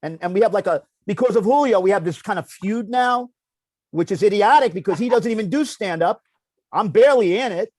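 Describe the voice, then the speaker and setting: Brief: male comic co-host, fairly high voice, emphatic and interrupting, dry close recording. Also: expressive, a little fast, darkish tone, no room sound. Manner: emphatic, interrupts and talks over others. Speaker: comedian co-host. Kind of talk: comedic talk-show banter.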